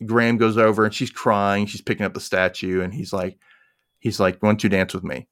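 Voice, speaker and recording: A man's voice: fairly low pitch, a little fast, no echo, clean studio sound. A man co-hosting a podcast, recapping a TV episode in casual chat, joking and quoting characters in put-on voices. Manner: animated, jokey, quotes characters in voices, laughs often. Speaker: podcast co-host.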